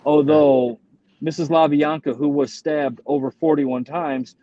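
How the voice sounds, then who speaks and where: A man in a casual comedians' chat, chatty and quick to laugh, with stammering restarts. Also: a little high, steady tone, dark tone, no room sound. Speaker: comedian panelist. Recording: dull dry call audio.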